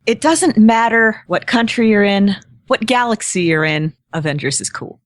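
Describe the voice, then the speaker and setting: A woman's voice: mid-range voice, expressive, normal speed, dry recording. A woman co-hosting a podcast in casual chat, talkative and self-deprecating, often laughing. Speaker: podcast co-host.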